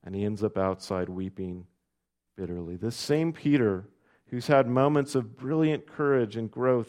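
A man preaching a sermon, reading scripture aloud with rising emphasis and then dropping soft and low. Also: measured pace. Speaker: pastor.

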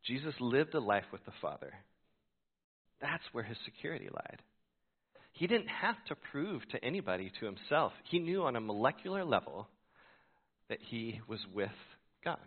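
A man's voice: mid-range voice, very animated, normal speed, breathy edge. A man preaching a sermon as a pastor, telling a story and acting out his own reactions. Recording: tinny phone-like sound.

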